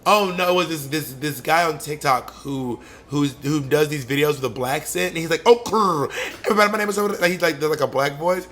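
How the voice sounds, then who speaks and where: A man's voice: on the high side, fairly quick, hardly any pauses, a bit bright. A man co-hosting a podcast, teasing playfully and giving advice in casual chat. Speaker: podcast co-host.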